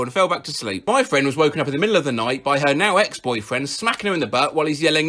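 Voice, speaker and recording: Comedy host: man, lively high-ish voice, bright tone, reads posts and snaps into goofy shouted voices. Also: quick pace, hardly any pauses. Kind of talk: comedic reading of internet posts.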